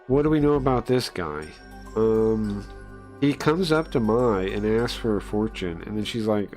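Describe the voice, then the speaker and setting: A man casually commenting while he plays and reads through a story game, chatty and easily excited, thinking aloud with many pauses. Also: fairly low pitch, soft background music. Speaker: streamer playing and reading a story game. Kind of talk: casual live-stream commentary.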